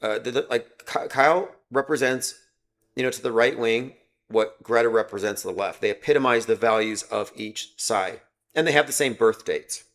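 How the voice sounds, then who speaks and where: A man's voice: medium pitch, normal speed, a bit bright. Rambling sarcastic man hosting a livestream. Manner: rambling, sarcastic, reads viewer comments aloud. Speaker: livestream host. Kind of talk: casual livestream commentary.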